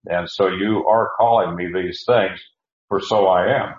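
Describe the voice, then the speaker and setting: A man preaching an expository sermon as pastor, halting often with fillers and restarts as he works through the text. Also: deep voice, fairly even intonation, reverberant, dull audio.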